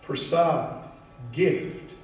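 A man delivers a sermon in an unhurried, emphatic way, leaning on key phrases between long pauses. His voice sits a bit high and rings through a very echoey hall, picked up from some distance with faint room noise behind. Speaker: pastor.

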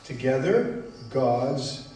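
A man preaching a sermon as pastor, unhurried and emphatic with long pauses. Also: mid-range voice, big pitch swings, mellow. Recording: echoey hall, mic at a distance.

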